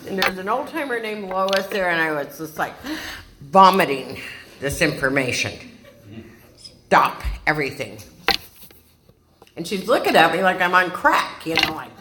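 A woman from California sharing a personal recovery story with a group, dramatic and lively, acting out the voices she quotes. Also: mid-range voice, measured pace. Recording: echoey room with background noise.

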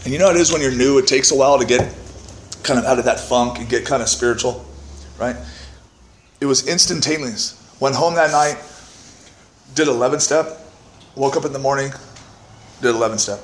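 A man's voice: mid-range voice, fairly quick, long pauses, roomy sound, slight background noise. Candid, profane man speaking at a meeting. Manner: candid, self-mocking, profane, keeps asking "right?". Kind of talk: personal testimony to a meeting. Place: meeting room. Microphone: podium microphone.

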